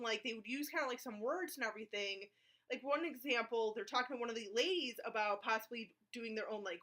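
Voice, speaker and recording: A woman's voice, high and bright, talking through a film review in a loose, rambling way. She drifts between points, leans on fillers, and drops blunt, jokey asides. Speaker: movie reviewer. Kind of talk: casual spoken film review.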